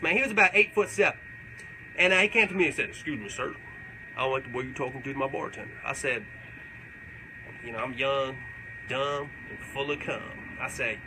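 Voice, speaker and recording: A man's voice: a little high, noisy background, lightly acted. A man playing a crude, boastful redneck character who rambles through tall tales and swears constantly during a comedic livestream Q&A. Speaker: comedic character answering fan questions.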